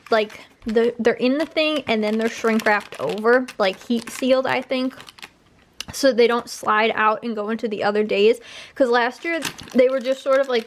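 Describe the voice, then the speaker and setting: A woman's voice: on the high side, slight background noise. A young woman chatting casually in a home vlog, rambling with lots of fillers and repeats. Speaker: vlogger. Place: home at night.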